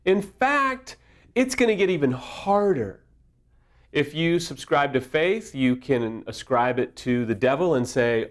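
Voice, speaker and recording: A man's voice: on the high side, lively intonation, unhurried. Middle-aged man, recovery speaker; candid, humorous, vulnerable. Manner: self-deprecating, humorous, openly vulnerable. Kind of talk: candid casual teaching talk.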